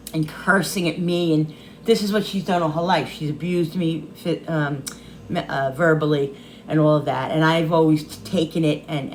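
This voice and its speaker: A woman's voice: sits low, a little hiss or hum, poor audio. A middle-aged woman vlogging, telling a personal story through tears, rambling and restarting often. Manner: tearful, rambling, many restarts. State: crying.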